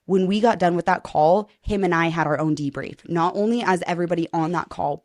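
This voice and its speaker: Woman host, kinda low voice, animated storyteller, swears casually. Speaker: podcast host.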